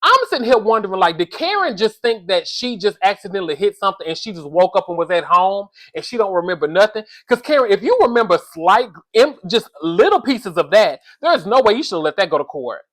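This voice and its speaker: Animated and exasperated, a medium-pitched woman comments on reality TV with casual humor, scolding in slang and calling her audience "y'all." She talks fairly quickly, with few pauses.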